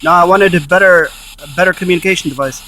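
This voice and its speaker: Man calling out questions, slightly high voice. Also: fast talker, bright, forceful tone, a little hiss or hum. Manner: calls out questions, then repeats and interprets what he hears. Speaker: paranormal investigator. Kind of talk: casual on-location commentary.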